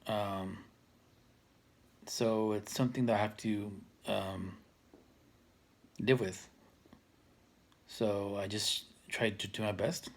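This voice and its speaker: A man in his thirties talking casually to camera, soft-spoken and hesitant, with many fillers and restarts that trail off quietly. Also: lowish voice, steady tone, slow pace, long pauses. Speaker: vlogger.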